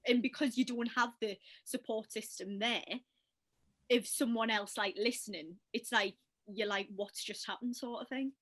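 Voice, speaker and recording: A woman hosting a casual podcast chat, lively and quick to act out what people said. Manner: animated, acts out quotes in a higher voice. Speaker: podcast host.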